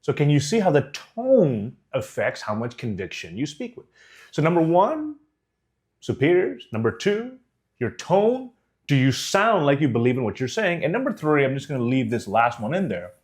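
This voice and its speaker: Male speaking coach, young adult, expressive and animated delivery. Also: a little high, moderate pace. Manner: animated, demonstrates tones and faces. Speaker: communication coach. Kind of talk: direct-to-camera speaking lesson.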